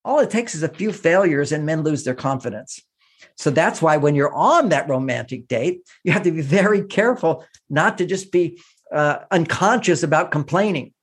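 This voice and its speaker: A man's voice: on the high side, normal speed, slightly rough. A middle-aged man giving relationship advice, telling stories and acting out the voices of people he quotes. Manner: animated, acts out quoted voices. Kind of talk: warm advice talk with stories.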